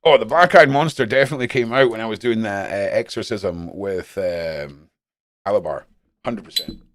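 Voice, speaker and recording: A man's voice: fairly low pitch, normal speed, no room sound. Foul-mouthed Scottish man, dry close sound. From Scotland. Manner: heavy swearing, blunt and animated. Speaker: live-stream host reading chat. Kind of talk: casual rambling chat.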